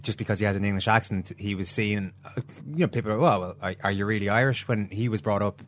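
A man's voice: on the low side, fairly even intonation, quick pace. A man co-hosting a casual football podcast, joking and often restarting his sentences.

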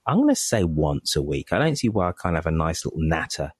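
A British man hosting a podcast, wrapping up an interview in a chatty, halting way with lots of fillers and repeated words. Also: rumbling low, big pitch swings, slightly rough, dry recording. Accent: British English. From England. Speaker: podcast host. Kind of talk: casual interview wrap-up.

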